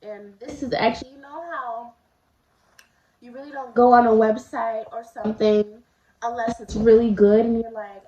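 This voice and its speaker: A woman's voice: fairly high pitch, fairly even intonation, moderate pace, crowd noise. A woman vlogger telling a personal story in a casual, confiding way, talking straight to her viewers while eating. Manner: chatty, confiding, addresses viewers directly. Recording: roomy, slightly dull home recording.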